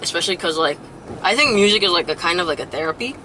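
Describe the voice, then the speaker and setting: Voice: medium pitch, animated, quick pace, pushed and bright, slight background noise, rough recording. A young adult rapper speaking candidly as an interview guest, full of "like" fillers. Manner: candid, heavy use of "like" fillers. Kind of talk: casual interview chat.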